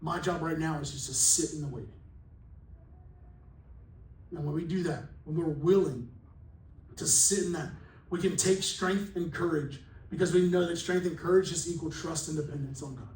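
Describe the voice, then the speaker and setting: High-voiced man preaching in an echoey hall. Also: moderate pace, long pauses, a little mellow. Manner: conversational, jokey preaching with acted-out quotes. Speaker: pastor. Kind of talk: sermon. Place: church hall. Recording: echoey hall from far off, faint room noise.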